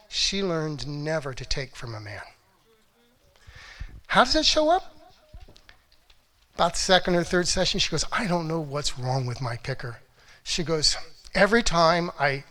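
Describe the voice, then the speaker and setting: A middle-aged man speaking as a relationship coach, with a voice that sits a little above most men's. He tells stories with lots of energy, acting out quotes, sometimes dropping to a hush and sometimes getting loud. It sounds like a motivational talk given to an audience. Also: fairly high pitch, a little slow, pauses often. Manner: animated storytelling, acts out quotes, swings from hushed to loud.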